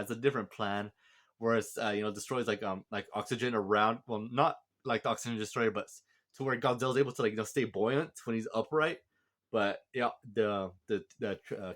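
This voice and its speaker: A man giving a casual spoken movie review, retelling the plot in a rambling, excitable way with lots of restarts. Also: on the low side.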